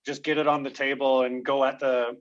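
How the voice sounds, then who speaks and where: A man, a guest comedian, telling stories in a lively podcast interview and laughing often. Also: medium pitch, fairly quick. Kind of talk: animated storytelling in a podcast interview. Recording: dull lo-fi sound.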